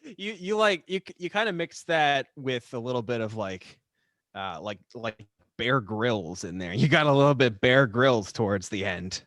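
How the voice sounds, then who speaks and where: A man's voice: medium pitch, measured pace, a bit bright, no echo, clean studio sound. A man guest on a podcast, chatting casually and playfully with frequent restarts. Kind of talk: casual chat.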